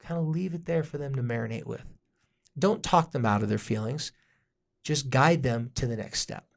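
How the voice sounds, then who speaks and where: A man co-hosting a parenting podcast in casual chat, talking in a lively way and acting out what parents and kids say, with jokey asides. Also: mid-range voice, moderate pace, vocal fry. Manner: animated, acts out parents and kids in quoted voices. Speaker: podcast co-host, parenting therapist.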